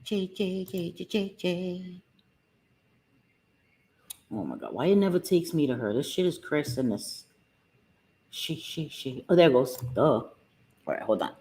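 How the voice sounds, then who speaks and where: A middle-aged woman hosts a casual livestream from home, chatting with viewers by name and cursing freely. Her voice is rumbling low and dark-toned, sing-song, at a moderate pace.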